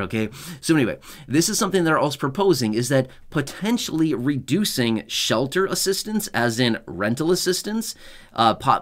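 A man hosting his channel, explaining benefit news in a casual, chatty way, correcting himself and chuckling at his own jokes. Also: medium pitch.

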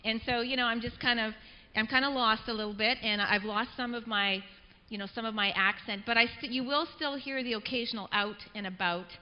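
A woman's voice: on the high side, steady tone, a little fast. Woman, guest speaker, from canada, chatty and self-deprecating, church hall echo, dull sound. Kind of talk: personal testimony sermon. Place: church sanctuary. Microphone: clip-on mic. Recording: dull reverberant church recording.

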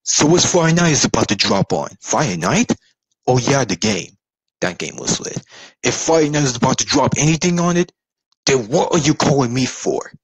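A man's voice: mid-range voice, lively intonation, normal speed, husky, dry recording, rough recording. A man doing a comedic parody role-play, with slangy, joking delivery. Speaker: parody video voice actor.

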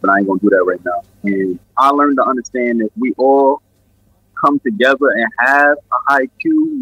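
A man's voice: medium pitch, breathy edge, no echo, narrow, tinny audio. A man from New York with a New York accent, a guest musician rambling in a laid-back, casual interview full of fillers. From Queens and Brooklyn, New York.

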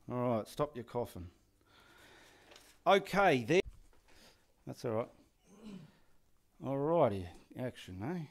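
A middle-aged Australian artist takes it slowly, leaving long pauses, his medium-pitched voice swinging widely in pitch. Painting behind the scenes, he chats casually, gives directions, swears freely, jokes and mutters instructions to himself.

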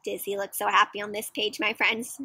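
A young adult woman reading a picture book aloud to children in an animated way, gasping and asking them questions. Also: mid-range voice, a little fast, husky. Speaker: children's storyteller. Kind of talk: interactive read-aloud for kids.

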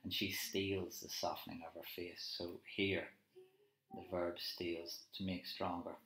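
A man's voice: low voice, little pitch movement, measured pace, vocal fry, fairly bright tone. A male teacher talking through a poem in a live annotation lesson, conversational and thinking aloud with tag questions. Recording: roomy echo with faint music.

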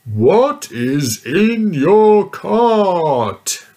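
Bullying picture-book giant, read aloud by a man, loud, high and drawn out. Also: big pitch swings, heavily acted. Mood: booming. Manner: slow, booming, drawn-out questions. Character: blustering mean male giant from a picture book.

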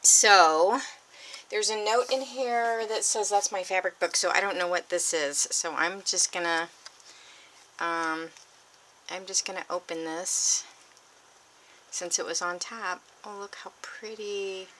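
Gushing woman, bright voice. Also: lowish voice, takes it slowly, long pauses, a little hiss or hum. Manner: gushing, excitable, drifts into breathy whispers. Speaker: crafting vlogger. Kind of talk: unboxing vlog.

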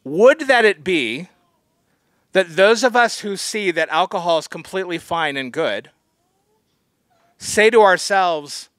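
A man's voice: high-pitched, lively intonation, unhurried, long pauses, a bit bright, no echo, clean studio sound. A man preaching a sermon as pastor, in a conversational but earnest way that often leans into sudden emphatic points. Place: church.

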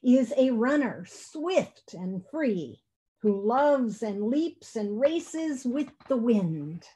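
A woman's voice: a little high, big pitch swings, very slow, mellow, exaggerated voice. A woman voicing an insistent, free-spirited antelope. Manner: insistent storybook delivery.

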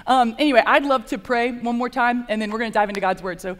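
High-voiced bubbly young woman in a chapel. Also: quick pace, hardly any pauses, fairly bright tone. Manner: bubbly, chatty, full of fillers. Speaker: graduate assistant speaking at chapel. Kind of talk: chapel talk. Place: large chapel hall. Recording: long reverb of a large hall.

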